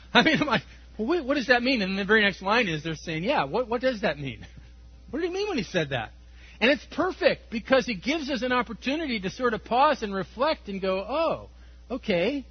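A man preaching a Sunday sermon, reading scripture and speaking with animated emphasis, often chuckling, then dropping to quiet, earnest tones. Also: sits high, slightly rough, muffled recording. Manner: animated, laughs often, swings between loud emphasis and quiet intensity. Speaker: pastor.

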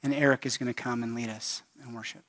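A man's voice: mid-range voice, steady tone, fast talker, a bit bright. A male pastor preaching a sermon in an earnest, emphatic storytelling style with pleading appeals.

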